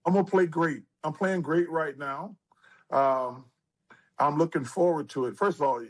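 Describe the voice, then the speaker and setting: Animated storytelling older man. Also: on the high side, low-quality recording. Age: 60s. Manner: animated storyteller who acts out quotes. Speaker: interview guest, former basketball player. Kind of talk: storytelling interview.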